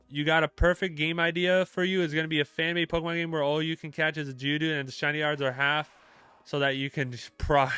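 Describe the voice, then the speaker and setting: A young man chatting casually with his live-stream chat, relaxed and talkative, with many fillers. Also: on the high side, quick pace, smooth, dry recording, faint music behind.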